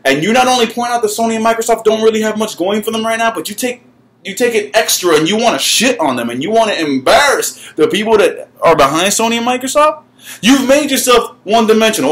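A man with a slightly high voice rants to his camera about gaming, heated and profane. He swears freely and stumbles over repeated words when he gets worked up. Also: expressive, quick pace, fairly bright tone. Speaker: gaming YouTuber. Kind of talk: ranting vlog.

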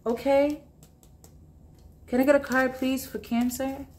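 A woman doing a solo tarot reading, talking straight to the viewer in a halting, repetitive way, often swearing and asking aloud for cards. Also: high voice, level tone, a little mellow. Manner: blunt and profane, talks straight to the viewer; halting, repeats herself, asks aloud for cards. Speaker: tarot reader.

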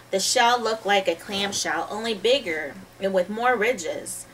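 A woman reads a children's chapter book aloud in a lively, expressive way. She pauses now and then to talk about the pictures. Her voice is mid-pitched, and the mic sits at a distance. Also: slight background noise. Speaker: storybook reader.

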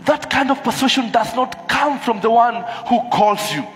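A man preaching an animated sermon to a church congregation, acting out the voices of the people he quotes. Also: extremely high pitch, moderate pace. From Kenya. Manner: animated, switches into Swahili, acts out quoted voices. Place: church hall. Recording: echoey church hall with music.

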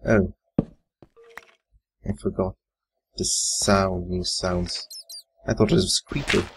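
A man's voice: deep voice, fairly even intonation, slow, creaky, slight background noise. A man muttering and swearing casually while commentating his own live gameplay. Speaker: gamer. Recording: faint computer fan whine.

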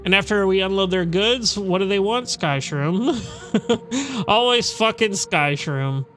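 A brusque female harbor guild clerk from a fantasy game, read out by a man in a high, bright voice. She grumbles wryly and unhurriedly about her dull work. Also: expressive, slow pace, slight background noise, full character voice. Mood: grumbling. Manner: wry, weary grumbling. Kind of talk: reading game dialogue aloud.

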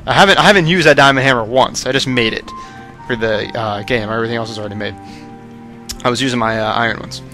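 A young man giving casual, rambling commentary over a video game, his voice strained and worn out, bursting into excited shouts. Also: mid-range voice, quick pace, music in the background. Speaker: gaming commentator.

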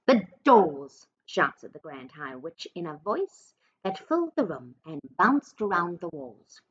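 Slow, expressive woman reading a storybook. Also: low-pitched, breathy edge, dull audio. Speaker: teacher reading to a class. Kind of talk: storybook read-aloud.

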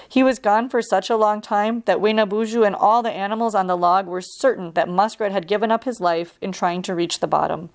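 A woman reads a storybook aloud for children, calm and steady, each sentence clear and unhurried. Her pitch sits in the middle range, plain and even. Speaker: park ranger reading a story.

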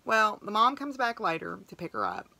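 Chatty woman with bright voice. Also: mid-range voice, wildly swooping pitch, normal speed, dry recording. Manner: chatty, rambling, heartfelt. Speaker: podcast host. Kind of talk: casual storytelling monologue.

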